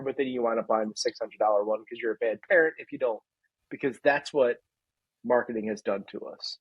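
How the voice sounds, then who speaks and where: A man in his thirties rants through a casual podcast chat and laughs at his own jokes. His voice is husky and sits at a middle pitch. The sound is dry and close. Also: brisk, no room sound, lo-fi sound. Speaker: podcast co-host.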